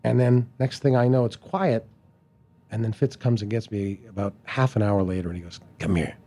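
A man's voice: on the low side, moderate pace. Man telling stories with many restarts. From Canada. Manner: lively storyteller, many restarts, slips into impressions. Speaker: podcast guest. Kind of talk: casual anecdote chat.

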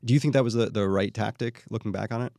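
A man hosting a podcast interview, chatting quickly and often restarting his sentences. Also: fairly low pitch, vocal fry, dark tone, dry recording, clean studio sound. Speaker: podcast host. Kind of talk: casual interview chat.

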